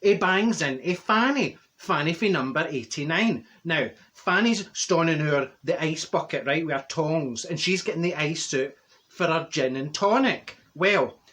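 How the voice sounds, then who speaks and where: Performing a comic character monologue, a man voices a chatty, gossipy older woman from Glasgow with a Glaswegian Scottish accent. His voice is a little high and somewhat bright, with lively intonation and an unhurried pace, as he rambles through a funny story, laughing at his own jokes.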